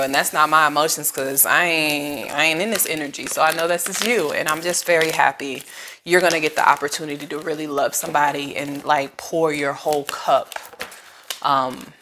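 A woman with a low voice gives a casual tarot reading, talking straight to her viewer. She is chatty and emotional and uses plenty of slang. A faint hiss runs under the recording. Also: a bit bright. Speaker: tarot reader.

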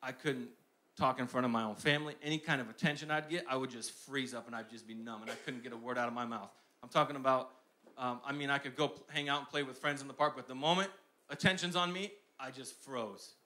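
A young man preaching a sermon, shifting between hushed personal storytelling and loud, emphatic declarations with lots of repetition. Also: mid-range voice, fairly even intonation, quick pace.

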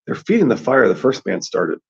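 A man voicing a grave, solemn boy seer in a grim, level, measured voice. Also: medium pitch, very animated, creaky, breathy edge, heavily acted. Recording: dull lo-fi recording.

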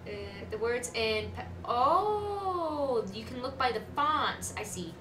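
Her voice sits fairly high and moves at a moderate pace as she plays a game on stream, chatty and giggly while addressing her chat casually. Faint noise, a distant mic, and an echoey room color the audio.

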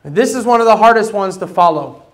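A man preaching a sermon as pastor, casual with slang, acting out the voices he quotes and swinging from loud bursts to low asides. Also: lively intonation, fast talker.

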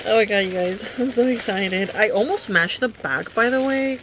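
A young woman vlogging at home, chatty and excitable, gushing to her viewers as she unboxes. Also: mid-range voice, a little fast, hardly any pauses, noisy background. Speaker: beauty vlogger. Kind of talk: casual unboxing vlog.

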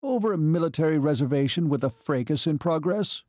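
A man's voice: fairly high pitch, animated, fairly quick, a little mellow, no room sound, studio quality, pitched above the performer's own voice, close to an everyday voice. A man voicing an irritable older male cavalry marshal who barks and snarls his questions. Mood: gruff. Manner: barking, snarling, impatient.

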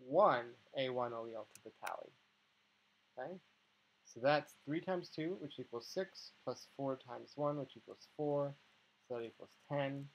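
A man walks students through a biology problem at a steady middle pitch. He explains patiently, step by step, and keeps checking in with short asides. The recording sounds a little dull and lo-fi. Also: husky. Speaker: biology instructor. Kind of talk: tutorial walkthrough.

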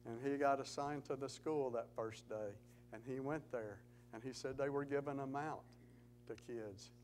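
A man's voice: medium pitch, moderate pace, a little mellow, rough recording. Man, church testimony speaker, earnest storyteller who builds emphasis; mid voice, light hum on the recording.

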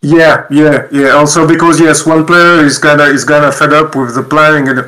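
A man's voice: a little high, flat delivery, moderate pace, hardly any pauses, pushed and bright, low-quality recording. A man with a French accent, a French native speaker, chatting as an interview guest. He hesitates often and fills gaps with "uh". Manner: hesitant, many fillers, easygoing. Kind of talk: casual interview chat.

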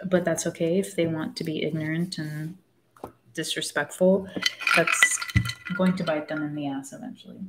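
A woman's voice: low-pitched, fairly even intonation, normal speed, very noisy. A woman talking casually about a book she is reading, rambling and frank, losing her thread and swearing freely. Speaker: book discussion host. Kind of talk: casual spoken book commentary.

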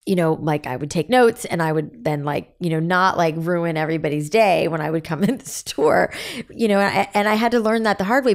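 A woman in her forties speaking candidly as a podcast guest, telling stories animatedly and acting out quoted dialogue. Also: on the low side. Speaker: guest, business founder.

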